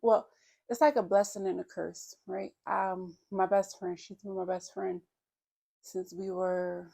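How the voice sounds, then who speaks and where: A woman's voice: medium pitch, level tone, a little slow, creaky, dark tone. A woman in her thirties, talking openly and reflectively about her feelings in a personal vlog. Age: 30s. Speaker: vlogger. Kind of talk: candid personal vlog talk.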